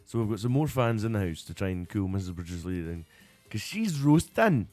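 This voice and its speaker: A man's voice: fairly low pitch, big pitch swings, a little fast, darkish tone, no room sound, soft background music. A Scottish man hosting a live radio stream in casual, rambling chat, often breaking into giggles, and a little tired. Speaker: radio show host.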